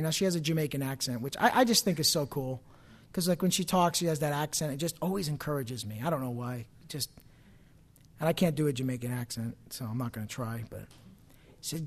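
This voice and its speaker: A man with a fairly high voice preaches a sermon. He climbs loud and forceful when quoting scripture and drops low and quiet for personal stories. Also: fairly quick.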